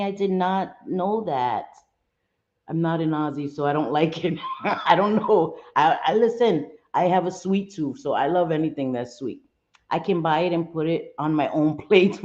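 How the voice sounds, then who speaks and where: Middle-aged woman hosting a live stream, chatty and expressive, roomy slightly dull sound. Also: fairly low pitch, measured pace. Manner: chatty and expressive, greets viewers by name, swings from sweet to fired up. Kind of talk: casual live chat reading viewer comments.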